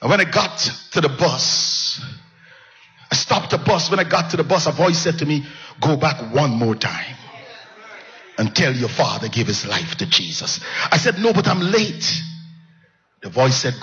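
A male pastor preaching a sermon, telling a personal story with passion and swinging from low hushed lines to high cries. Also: big pitch swings, unhurried, soft background music. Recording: dull lo-fi sound.

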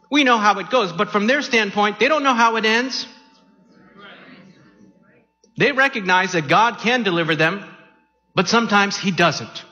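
A man preaching an animated sermon, acting out the story with sudden shouts. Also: high voice. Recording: muffled sound in a reverberant hall.

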